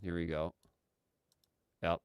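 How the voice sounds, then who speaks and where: Male stream host, slow and sarcastic, smooth clear voice, dry close sound. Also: low-pitched, monotone, no room sound. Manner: sarcastic, exasperated. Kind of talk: live commentary stream.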